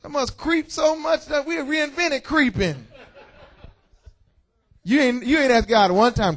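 A man's voice: very high voice, a little slow, long pauses. A man preaching a sermon as pastor, joking and calling out to his congregation. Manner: lively, joking preaching with call-outs to the congregation. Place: church.

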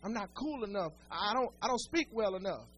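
A man with a strikingly high voice preaches a sermon to his congregation. He mixes homely humor with repeated, building phrases and calls out to the church directly. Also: animated, fairly quick, fairly bright tone, slight background noise. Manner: folksy humor and stories. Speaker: pastor.

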